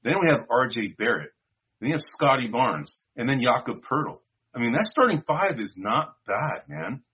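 Man, husky voice, bright forceful tone, rambling casual chat, dull lo-fi recording. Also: medium pitch, very animated, moderate pace. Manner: loose, rambling, calls partner dude and bro. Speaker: podcast co-host. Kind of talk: casual draft-pick chat. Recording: dull lo-fi sound.

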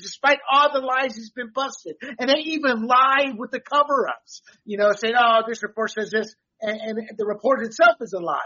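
Husky, bright-voiced talk show host man. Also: high-pitched, moderate pace, hardly any pauses, dull audio. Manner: chatty, laughs often, reads out figures. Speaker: podcast host. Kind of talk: political talk show discussion.

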